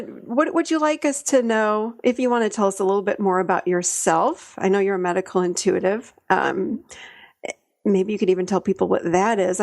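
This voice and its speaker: An excited woman co-hosts a podcast, her voice at an ordinary middle pitch. She talks in a loose, rambling way, leaning on "um" fillers as she gathers her thoughts. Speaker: podcast co-host. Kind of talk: podcast conversation.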